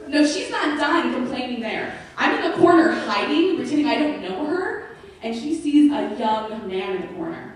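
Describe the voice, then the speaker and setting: A young woman doing a stand-up comedy set, animated storytelling with acted-out quotes, recorded from a distant camera in a club. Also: fairly high pitch, normal speed. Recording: echoey venue heard from far off.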